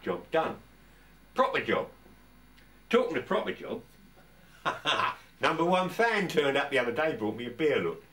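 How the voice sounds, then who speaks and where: A man's voice: medium pitch, big pitch swings, moderate pace, fairly bright tone, far from the mic. An older English man talking casually to camera in his home workshop, chatty and rambling, often stopping and restarting his sentences. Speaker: vlogger.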